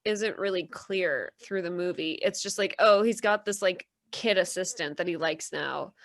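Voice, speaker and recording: A woman co-hosting a movie podcast, talking in a casual, chatty way. She reviews films with a wry, deadpan edge and slips in dry sarcastic asides. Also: fairly low pitch, normal speed. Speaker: podcast co-host.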